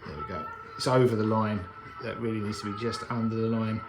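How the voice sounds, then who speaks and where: A man hosts a live stream from his jewellery workshop, talking in a loose, rambling, wry way as he works. The room sounds open and echoey, with music playing clearly in the background. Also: lowish voice, little pitch movement, fast talker. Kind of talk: casual chat while working.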